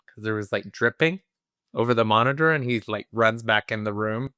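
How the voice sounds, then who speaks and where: A man retells a film's plot for a review podcast in an easygoing, meandering way. His voice sits low and comes through smooth and resonant. The sound is dry and close, with no room around it. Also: a little fast, sharp tone, dry recording. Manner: rambling, many fillers and restarts, acts out quotes. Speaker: film review podcast co-host. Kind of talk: casual chat retelling a film plot.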